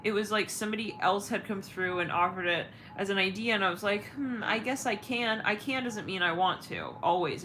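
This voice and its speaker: A woman with a lowish voice talks casually as a tarot reader on her own channel, wandering from thought to thought with lots of "like" and "you know" and the odd swear. There is a faint hum behind her. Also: fairly bright tone, low-quality recording. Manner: rambling, searching for words, frequent fillers and swearing. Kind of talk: casual livestream chat.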